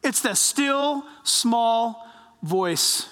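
A man preaching a sermon as pastor, animated and acting out quoted voices. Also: extremely high pitch, extremely slow, long reverb tail.

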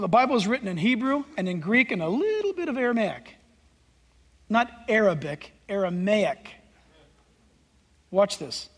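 A male pastor preaching a sermon, emphatic and swinging between loud declarations and hushed asides. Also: very high voice. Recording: long hall reverb.

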